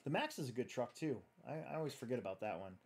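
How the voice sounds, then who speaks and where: Man, rambling casual chat, mid-pitched voice, talks while tinkering. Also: animated, fast, a little mellow, husky. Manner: rambling, chatty, reads viewer comments aloud. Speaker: host.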